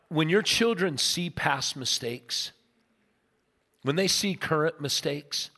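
Animated pastor preaching in a big hall. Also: male voice, medium pitch. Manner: animated storyteller, acts out voices. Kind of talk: sermon with storytelling. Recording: long reverb in a large hall.

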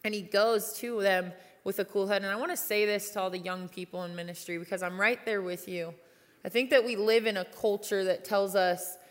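Young woman preacher, chatty and earnest, mid pitch, big echoey church hall. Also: steady tone, a little fast. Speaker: youth pastor. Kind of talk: sermon with personal stories. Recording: long reverb of a large hall.

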